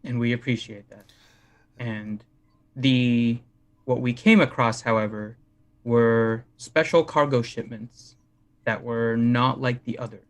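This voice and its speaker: A man's voice: medium pitch, steady tone, slow. Man speaking formally in character. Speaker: player. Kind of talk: in-character tabletop role-play.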